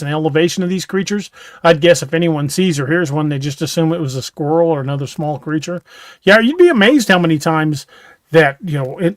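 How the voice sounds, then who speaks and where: A man's voice: a little high, no echo. A man co-hosting a podcast, telling stories in a folksy way and often restarting his words. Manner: folksy storyteller, stammers on restarts. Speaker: podcast co-host. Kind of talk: casual chat.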